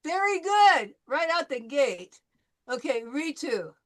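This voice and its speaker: Female language teacher, voice a touch high. Patient and encouraging, models sounds slowly, repeats drills, calls on students. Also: sing-song. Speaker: French teacher. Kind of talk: pronunciation drill in a live class.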